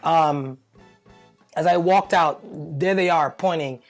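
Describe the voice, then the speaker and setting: A man talking to camera, telling a personal story in a chatty, animated way, full of fillers and nervous laughs. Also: fairly high pitch, slow, soft background music. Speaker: vlogger.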